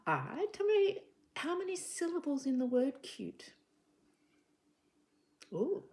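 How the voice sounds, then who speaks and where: A woman teaching young children about words and sounds with a puppet, gentle and encouraging, sounding out letters and sometimes whispering softly. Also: fairly high pitch, big pitch swings. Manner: gentle, encouraging, slow and drawn out. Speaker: children's literacy presenter. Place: home living room.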